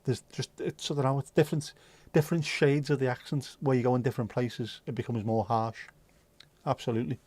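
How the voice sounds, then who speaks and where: A man's voice: mid-range voice, fairly even intonation, brisk, a little mellow, breathy edge, no echo. A man with a Liverpool accent hosting a livestream, chatting casually in a jokey, rambling way. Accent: Liverpool (Scouse). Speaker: livestream host.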